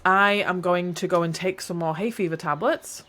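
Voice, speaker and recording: A woman hosts a solo podcast in a slightly low voice at a moderate pace, thinking aloud in a reflective way. Her talk is rambling and encouraging, and she keeps restarting sentences to correct herself.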